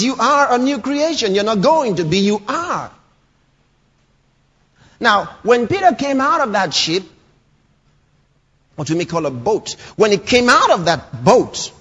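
A husky, high-voiced man preaches with emphasis, repeating scripture lines aloud, pressing each point home, and escalating into shouts. The recording sounds dull and lo-fi with a long hall reverb.

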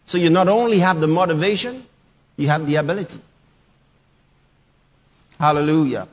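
A man with a high, husky voice preaches in emphatic bursts, repeating scripture lines and driving them home. The recording is dull and lo-fi, with the long reverb of a large church hall around him. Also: animated, normal speed. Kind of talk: sermon.

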